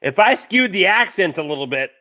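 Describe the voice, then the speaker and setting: A Canadian man in his forties hosts a casual live chat, tripping over his words in excited restarts. His pitch swings in a lively way and sits a little high. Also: brisk. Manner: stammering, excitable, laughs a lot. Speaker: live stream host.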